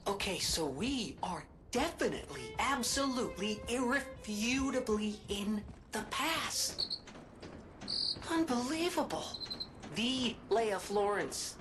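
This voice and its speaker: A woman's voice: fairly high pitch, takes it slowly. A woman voicing an eager young companion in a video game, telling a legend with emphatic wonder. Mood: awed. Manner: animated, emphatic storytelling. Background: game music.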